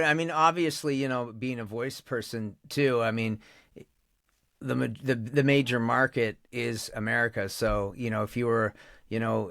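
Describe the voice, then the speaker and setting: A man's voice: lowish voice, fairly bright tone, no room sound, clean studio sound. A man with a Canadian accent, a voice actor chatting casually as an interview guest, rambling with many restarts.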